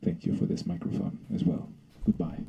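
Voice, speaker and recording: A man doing a rambling, deadpan stand-up comedy bit. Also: brisk, dull audio.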